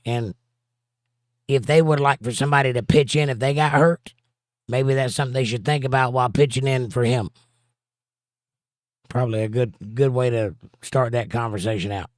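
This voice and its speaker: Brief: male stream host, mid-pitched, dry close sound, jokey and wry as he answers chat. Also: fairly even intonation, normal speed, long pauses, no echo. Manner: joking, wry, laughs at his own jokes. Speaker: livestream host. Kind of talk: casual livestream chat, reading comments aloud.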